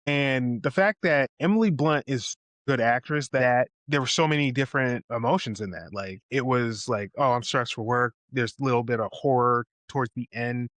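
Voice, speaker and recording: Animated man retelling movie scenes. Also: mid-range voice, moderate pace, hardly any pauses, no echo. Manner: animated retelling, acting out quoted lines; casual, swears freely. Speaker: podcast co-host. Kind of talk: casual film review chat.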